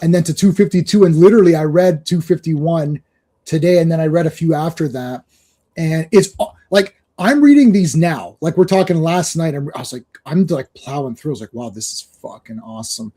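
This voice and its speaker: Man, podcast host, casual chat, rambling, laughs a lot, high pitch, dark mellow tone. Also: brisk. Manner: rambling, excited, laughs often.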